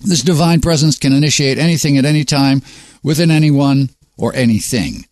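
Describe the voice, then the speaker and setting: A man's voice: mid-range voice, brisk, darkish tone, dry recording. A man hosting his own show, reading a sardonic, preachy monologue. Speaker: host.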